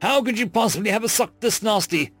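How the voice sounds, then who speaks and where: A man voicing an exasperated, sly male starship captain who shouts in irritation. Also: high voice, a little fast, slightly rough, no room sound, faint music behind, pitched above the performer's own voice.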